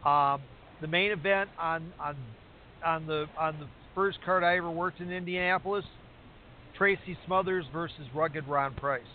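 A man in casual chat, rambling and restarting his sentences as he recaps matches. His voice sits a little high for a man. It comes through a tinny phone line with a faint hiss behind it. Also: normal speed. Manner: rambling, many restarts and fillers. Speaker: podcast co-host recapping wrestling.

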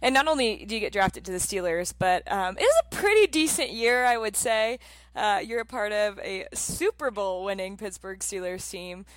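A woman's voice: mid-range voice, normal speed, dry recording, poor audio. A woman interviewing a guest, asking casual, reflective questions.

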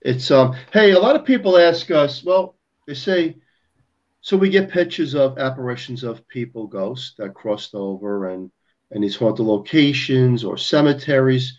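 A man in casual chat, musing and halting as he talks about ghosts. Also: mid-range voice, lively intonation. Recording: dull lo-fi sound.

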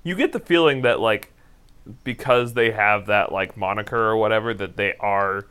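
A man co-hosting a casual chat, enthusiastic and quick to laugh. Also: on the low side, sharp tone, clear, resonant tone.

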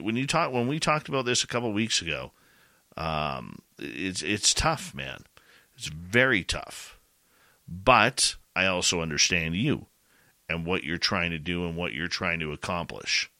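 Man, podcast host, deep forceful voice, earnest rambling chat. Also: no echo, clean studio sound. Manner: earnest, rambling with many fillers. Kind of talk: casual heartfelt chat.

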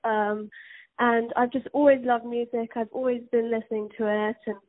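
A teenage girl from England with an English accent, a singer interviewed over the phone who speaks softly and warmly with frequent ums. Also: fairly high pitch, level tone, moderate pace. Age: teens. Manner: soft, friendly, with frequent ums and likes. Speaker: singer, guest. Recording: tinny phone line.

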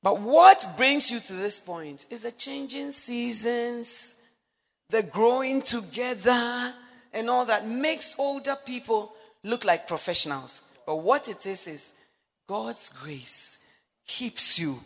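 A woman's voice: fairly high pitch, takes it slowly, gravelly, long reverb tail. A woman, preaching a sermon that mixes personal stories with emphatic declarations. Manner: animated storytelling, rising to emphatic declarations.

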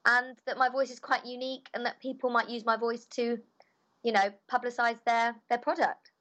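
Cheerful and bubbly, a young woman who works as a voice actor gives relaxed, chatty answers in an interview. Her voice is on the high side, and she speaks at a moderate pace.

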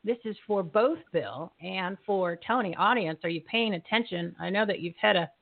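A woman's voice: medium pitch, moderate pace, gravelly. A woman hosting a live show, talking to her guests in an enthusiastic, teasing way. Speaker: show host. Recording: tinny phone-like line.

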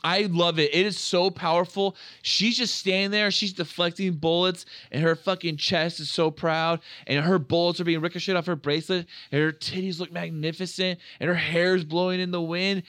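A man co-hosting a podcast, chatting excitedly about a film with lots of swearing and acted-out quotes. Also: sits high, normal speed, few pauses, no echo, studio quality. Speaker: podcast co-host. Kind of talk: casual film review chat.

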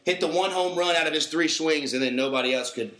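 A man's voice: on the high side, fast talker, a bit bright, echoey room, rough recording. A young man hosting a podcast, telling a rambling story with restarts in casual chat. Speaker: podcast host.

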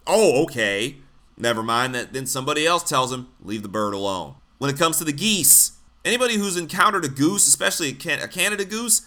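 Man, fairly high and bright, blunt and exasperated, ranting commentary with profanity.

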